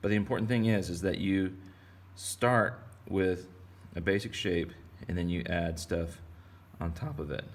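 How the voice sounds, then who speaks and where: A man's voice: deep voice, fairly even intonation, a little slow, few pauses. A man from Texas giving a casual drawing lesson for kids, rambling and playful as he goes. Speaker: art teacher.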